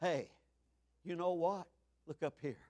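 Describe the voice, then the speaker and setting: A man in his seventies preaching a fiery sermon, swinging from shouts to hushed tones. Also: fairly high pitch, unhurried. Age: 70s.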